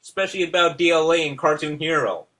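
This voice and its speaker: A man hosting a rebuttal video, asking calm, reasonable questions. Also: a little high, fast talker. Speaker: response video host. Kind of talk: rebuttal commentary.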